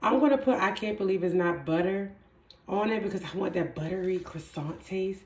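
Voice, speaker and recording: A woman, chatting excitedly while she cooks in a casual vlog. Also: medium pitch, moderate pace, echoey room. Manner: chatty and excitable, laughs easily. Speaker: fitness vlogger cooking at home. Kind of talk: casual cooking vlog chat.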